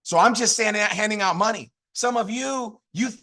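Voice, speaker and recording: Fired-up man with a high, bright voice. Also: normal speed. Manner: fired-up, repetitive, call-and-response. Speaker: network marketing leader. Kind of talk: motivational training talk.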